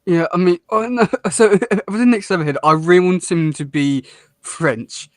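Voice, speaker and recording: A man's voice: sits high, expressive, moderate pace, dry recording, studio quality. A man co-hosting a casual cartoon review chat; he rambles, restarts often and laughs a lot. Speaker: podcast co-host.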